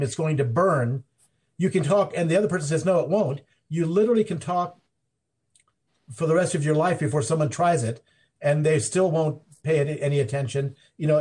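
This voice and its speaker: This is a conversational interview in the Mountain Time Zone, where a male guest with a somewhat high voice and darkish tone talks at length. He keeps restarting and using fillers as he rambles.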